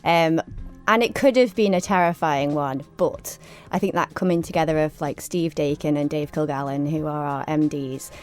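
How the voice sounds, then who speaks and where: A woman's voice: low voice, moderate pace, faint music behind. A woman actor guest on a radio show, bubbly and grateful, laughing between phrases. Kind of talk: casual interview chat.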